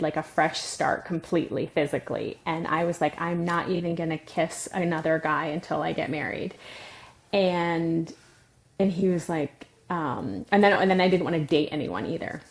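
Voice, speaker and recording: A middle-aged woman sharing her life story as a podcast guest, chatty and full of "like" and laughter. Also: lowish voice. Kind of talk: casual personal testimony.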